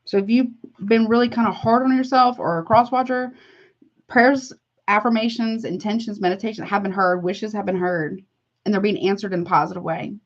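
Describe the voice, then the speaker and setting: Heartfelt, chatty woman tarot reader, middle-pitched voice, slightly dull lo-fi sound. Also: a little fast. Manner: chatty, heartfelt, calls listeners honey. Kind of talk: casual tarot reading to viewers.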